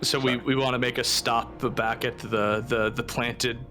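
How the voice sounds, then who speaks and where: A man's voice: medium pitch, level tone, measured pace, bright, forceful tone, soft background music. A man narrating a tabletop game as game master, casual and often restarting his words. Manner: casual, with stammered restarts and laughs.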